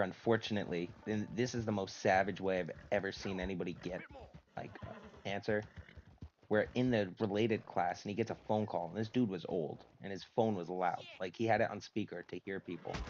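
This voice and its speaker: A man's voice: on the low side, steady tone, moderate pace, darkish tone, muffled recording, a little hiss or hum. A man casually telling a long, profane story as a streamer, laughing often between lines.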